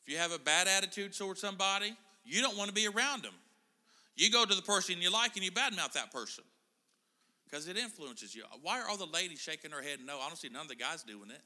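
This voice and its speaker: Church hall reverb colors this casual sermon from a middle-aged man who banters and jokes with his congregation. His voice sits high and sounds pushed and bright as he speaks fast and expressively.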